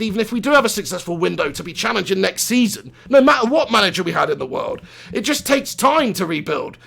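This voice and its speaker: A man hosts a football fan live stream from a small home studio. His voice sits high and carries a gravelly rasp. He rants with passion, swears freely and breaks off to thank viewers by name. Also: fairly bright tone. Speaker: live-stream host reacting to a football match.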